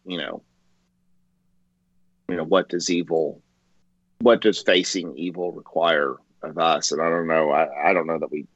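A man with a very deep voice talks hesitantly on a podcast and lets his thoughts trail off. The sound is dry and close. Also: fairly bright tone, dry recording, muffled recording. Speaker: podcast co-host. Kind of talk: casual chat.

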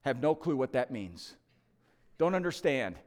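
A preacher putting on a plain-spoken thief, humble and unschooled. The voice drops low and flat, and the answers are blunt and short. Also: male voice, a little slow.

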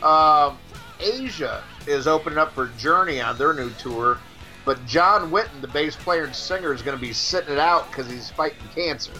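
A man co-hosting a podcast in casual chat, talking excitably with stammering restarts and plenty of swearing. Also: a little high, normal speed, soft background music. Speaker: podcast co-host.

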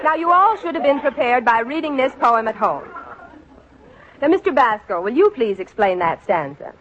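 An actress playing a patient, prim teacher of an adult evening class in a 1940s radio sitcom. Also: female voice, a little high, sing-song, moderate pace, a bit bright, a faint crowd, a little hiss or hum. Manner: patient, prim, often amused. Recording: muffled old radio broadcast.

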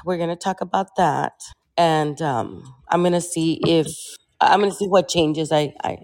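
A woman talking in a casual discussion, halting often and restarting her words as she searches for them. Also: low-pitched, a little mellow. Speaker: panel guest.

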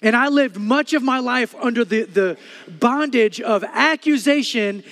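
A middle-aged man preaching a sermon as pastor, telling stories with loud bursts and quiet earnest stretches. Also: very high voice, a little slow, long reverb tail.

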